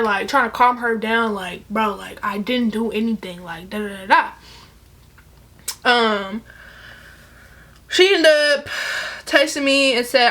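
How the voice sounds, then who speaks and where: A young woman telling a casual storytime, animated and profane, acting out the other people's lines in bursts. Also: a little high.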